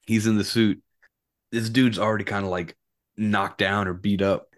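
Low-voiced man retelling film stories. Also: normal speed. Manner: animated storyteller, acts out quotes. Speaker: podcast co-host. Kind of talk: casual movie podcast chat.

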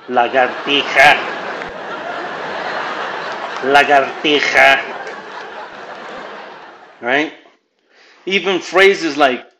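A man from Southern California riffs through a profane stand-up monologue in a slightly high voice. He rambles from joke to joke, dropping Spanish words into his English. A faint hum of room noise sits under his voice. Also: fairly bright tone, low-quality recording. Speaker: stand-up comedian and podcast host. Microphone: home podcast mic.

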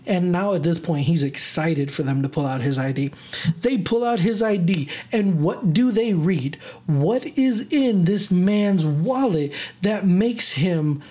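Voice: mid-range voice, lively intonation, measured pace, darkish tone. A podcast host in a casual monologue, telling stories in a chatty way, full of fillers and restarts. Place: lives in Chicago area.

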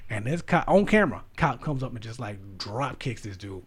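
Husky-voiced young American man. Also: mid-range voice, lively intonation, a little fast. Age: young adult. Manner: laid-back storytelling, trailing off. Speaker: podcast co-host. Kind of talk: casual chat.

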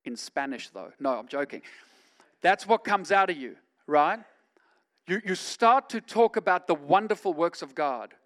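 A man, a pastor, preaching a sermon in a conversational way that swings from quiet asides to loud, emphatic stretches. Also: fairly high pitch, animated, unhurried.

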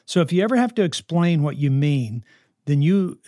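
A man's voice: a little high, expressive, normal speed, mellow, no room sound, studio quality. An older man and grandfather giving an earnest, emphatic talk to grandparents, repeating his key phrases. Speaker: speaker on grandparenting.

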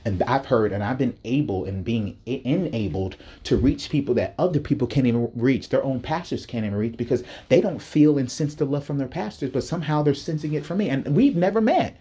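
A man giving an impassioned sermon-style talk, repeating himself and rising sharply in pitch when worked up. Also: lively intonation, a little fast, hardly any pauses, dark tone, breathy edge. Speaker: preacher. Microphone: speaking to a recording device.

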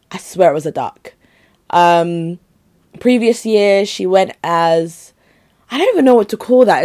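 A woman's voice: medium pitch, a little mellow. Chatty young woman rambling casually. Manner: chatty, rambling, self-interrupting. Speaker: vlogger. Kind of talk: casual chat to viewers.

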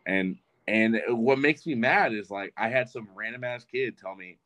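A man's voice: medium pitch, normal speed, hardly any pauses, a bit bright. A man in his twenties, a podcast guest, telling a rambling, profane story in casual chat. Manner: rambling and profane, with frequent restarts.

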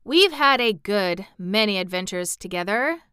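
A woman's voice: mid-range voice, expressive, measured pace, bright, forceful tone, smooth, no room sound, clean studio sound. A woman voicing an earnest, mildly proud male sawhorse made of wood.

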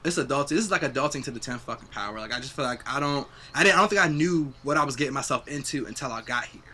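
A man's voice: mid-range voice, racing, sharp tone. A young adult man hosting a podcast, chatting casually and reflectively, swearing freely. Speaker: podcast host. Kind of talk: casual chat.

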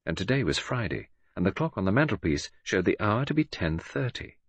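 Husky, expressive male audiobook narrator. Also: fairly low pitch, brisk, dry recording. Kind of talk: scripted narration.

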